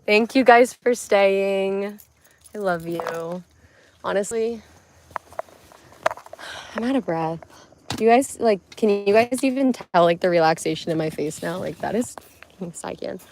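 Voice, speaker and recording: A woman's voice: medium pitch, moderate pace, a little mellow, slight background noise. A young woman hosting a casual livestream, rambling and giggly, full of filler words as she talks to her viewers at home. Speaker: livestream host.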